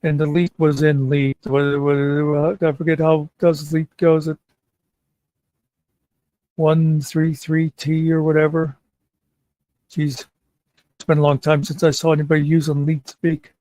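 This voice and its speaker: A man's voice: fairly high pitch, completely flat delivery, a little slow, pauses often, dark tone, no echo, rough recording. A man hosting a casual chat show, rambling and meandering with many fillers. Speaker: podcast host.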